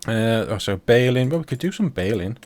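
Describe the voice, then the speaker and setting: A man's voice: medium pitch, expressive, a little fast, darkish tone. A man giving casual commentary while playing a farming game, chatty and thinking aloud to himself. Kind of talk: casual let's-play commentary.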